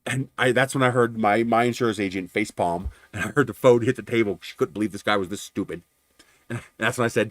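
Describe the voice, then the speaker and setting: A man's voice: mid-range voice, fairly quick, a bit bright, dry recording. A man hosting a livestream, casually telling a long story, acting out both sides of phone calls and swearing freely. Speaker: livestream host.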